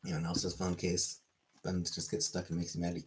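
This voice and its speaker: A man's voice: deep voice, monotone, brisk. A man chatting casually on a livestream, rambling and offhand, swearing now and then.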